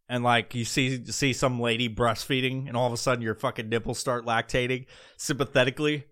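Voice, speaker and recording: A man's voice: mid-range voice, fairly bright tone, clear, resonant tone. A young man hosting a podcast, ranting comedically with heavy profanity and exasperation. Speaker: podcast host. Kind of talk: comedic rant.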